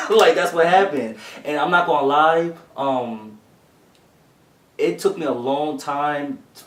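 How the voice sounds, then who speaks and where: A young man co-hosting a casual talk show, wandering through his stories and quick to laugh. His voice sounds roomy and distant, as if he is sitting well back from the mic. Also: fairly high pitch, fairly bright tone. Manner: laughs easily, rambling storytelling. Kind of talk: casual chat. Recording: roomy echo, mic far off.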